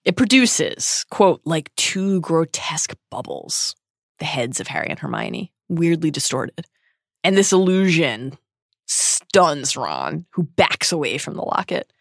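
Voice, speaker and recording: Woman co-host reading a book essay aloud, measured and earnest, dry close mic. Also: deep voice, sing-song, no echo. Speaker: podcast co-host.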